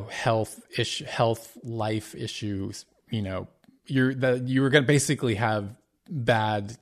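A middle-aged man hosting his own show, telling a personal story in a candid, earnest way, with many restarts and quoted dialogue. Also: mid-range voice. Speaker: podcast host.

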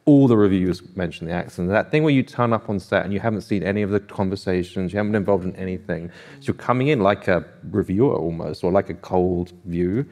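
A man on a festival panel, telling anecdotes in a chatty, animated way and acting out what people said. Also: deep voice, fast talker. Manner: animated storyteller, lots of "I was like" quotes. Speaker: author on a panel.

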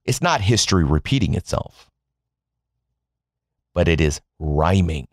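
A man's voice: deep voice, lively intonation, a little slow, no room sound, clean studio sound. A man from the United States delivering a sarcastic, profane opinion monologue as a political commentator.

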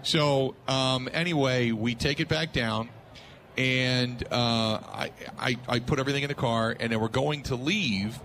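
A man's voice: mid-range voice, a little slow, slight background noise. A male sports talk radio host telling an anecdote, laughing and acting out what people said. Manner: animated, laughing storyteller acting out quotes.

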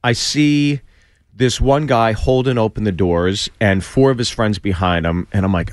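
A male comedian telling a long story as a studio guest, animated and acting out the voices of the people in it. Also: fairly low pitch, moderate pace, dry recording. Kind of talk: storytelling on a podcast. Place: radio studio. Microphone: studio microphone.

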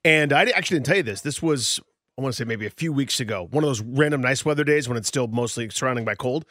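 A man's voice: medium pitch, quick pace, no room sound, studio quality. A man co-hosting a sports radio show, telling a story casually and acting out the people in it. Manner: animated storyteller, acts out quoted voices.

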